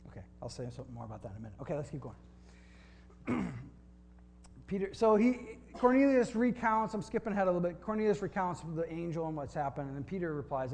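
Male preacher, slightly higher voice, easygoing storyteller, faint hum behind. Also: very animated, brisk, a little mellow. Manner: conversational, wry storytelling with scripture reading. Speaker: pastor. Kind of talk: sermon with storytelling.

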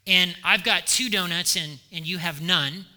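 A man preaching a sermon in a church, telling stories with animated, emphatic repetition. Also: sits high, measured pace, in a large hall. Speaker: pastor.

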